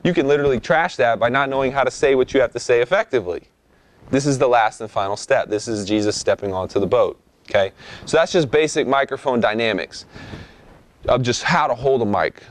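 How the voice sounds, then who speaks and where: A young man talking through a hands-on vocal lesson in an easygoing, demonstrative way. His voice sits at an ordinary middle pitch, and he keeps checking in with his listeners, often tossing in an "okay?". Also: fairly quick. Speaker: rap vocal instructor. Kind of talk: instructional talk.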